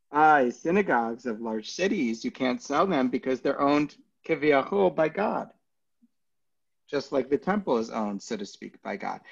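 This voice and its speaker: A man's voice: on the high side, creaky, slightly rough, lo-fi sound. A man, a rabbi, teaching a Talmud class in an informal way, joking and thinking aloud with many fillers.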